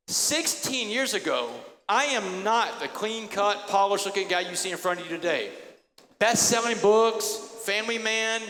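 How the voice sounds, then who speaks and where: A man's voice: high-pitched, bright, forceful tone. A man giving an emphatic motivational speech that tells stories, heard in an echoey hall. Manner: storytelling, emphatic. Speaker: keynote speaker. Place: large hall.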